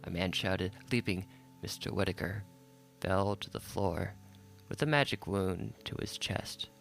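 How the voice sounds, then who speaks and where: A man narrating an audiobook in a measured, unhurried storytelling manner. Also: low-pitched, vocal fry, fairly bright tone, soft background music.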